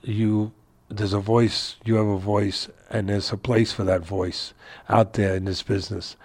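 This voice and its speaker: Older guy, boxing trainer, telling a funny story on a call from his house, gets animated. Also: lowish voice, a little slow. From New York area. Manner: animated, laughs through his anecdote. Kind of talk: casual storytelling in an interview. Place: his home.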